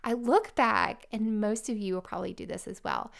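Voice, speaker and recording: A woman's voice: medium pitch, moderate pace, vocal fry. A woman, chatting heartfelt and casual as a vlogger, often restarting her sentences. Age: late 30s. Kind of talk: casual personal chat.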